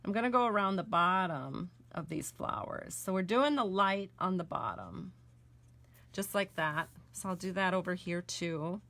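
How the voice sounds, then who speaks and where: Here a middle-aged woman with an American accent speaks at a normal pace in a lowish, gravelly, somewhat bright voice full of animation. Her crafting tutorial is casual and chatty, a homey demonstration of card-making in which she corrects herself while coloring.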